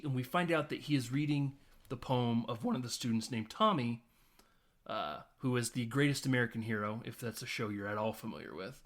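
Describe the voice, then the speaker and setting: A man's voice: mid-range voice, a bit bright. A man co-hosting a film podcast, recapping scenes in casual chat and acting out the characters' lines. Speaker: podcast co-host.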